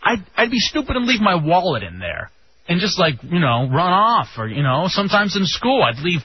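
A young man hosts a casual radio chat, telling stories with animated energy and a casual habit of swearing. He's from Texas, and his voice sits a little high and leaps around a lot. The recording is dull and lo-fi, with a faint hiss behind it. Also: normal speed. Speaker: radio show host.

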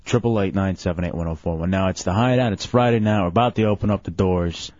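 A man hosting a live radio talk show, calmly trying to referee an argument. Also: low voice, quick pace, no room sound, lo-fi sound.

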